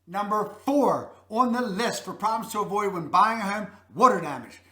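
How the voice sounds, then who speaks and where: Speaking straight to viewers in a real estate video, a man with a Baltimore accent gives folksy, emphatic advice and keeps repeating "that's a fact." His voice is high-pitched, animated, and sharp, delivered at a moderate pace in a roomy-sounding space.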